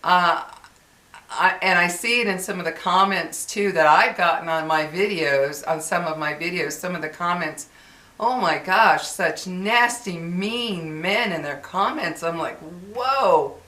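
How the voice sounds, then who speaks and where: A woman's voice: lowish voice, unhurried, bright, forceful tone, reverberant. A woman vlogger venting in a casual, exasperated monologue full of fillers and restarts.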